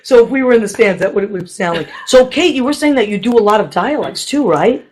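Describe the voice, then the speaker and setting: Woman, from Boston, radio host, chatty, excitable, laughs a lot. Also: mid-range voice, quick pace, poor audio. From Boston, Massachusetts. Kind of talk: casual chat.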